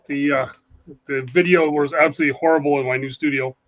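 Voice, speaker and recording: A man talking very fast and rambling as a guest in a casual call-in chat. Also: on the high side, steady tone, fairly bright tone, lo-fi sound.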